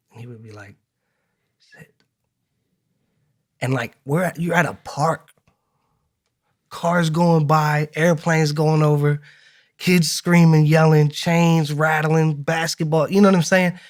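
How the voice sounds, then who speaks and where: Male co-host, relaxed storyteller, slightly high voice, dry close mic. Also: dry recording. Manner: storytelling, easygoing, laughs often. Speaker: podcast co-host. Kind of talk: casual chat.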